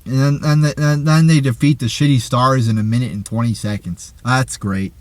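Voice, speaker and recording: A man's voice: mid-range voice, fairly even intonation, normal speed, dry recording. A man reviewing a wrestling show in an angry, profane rant, often stammering and repeating his words.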